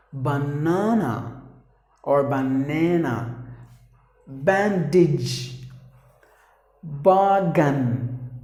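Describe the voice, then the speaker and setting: Male pronunciation teacher, slightly high voice, repeats words, roomy sound. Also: mellow. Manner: repeats words slowly, corrects himself often. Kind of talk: pronunciation lesson. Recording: echoey room.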